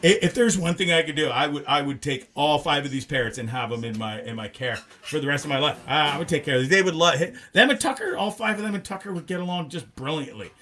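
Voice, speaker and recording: Bright-voiced rambling talk show host. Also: male voice, a little high, fast talker, hardly any pauses. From Canada. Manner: animated, rambling, swears freely. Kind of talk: casual live show chat.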